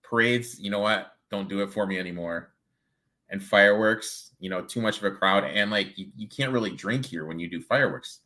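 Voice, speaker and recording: A man's voice: fairly low pitch, brisk, sharp tone. Chatty American man talking betting picks. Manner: loose, chatty, rattles off stats. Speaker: sports betting show host. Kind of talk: casual sports betting talk.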